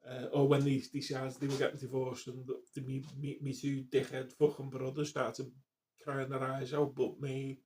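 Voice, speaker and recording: A man's voice: mid-range voice, completely flat delivery, normal speed, a little mellow, slight background noise. A man in his fifties, rambling casually, swearing and restarting his sentences. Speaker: vlogger.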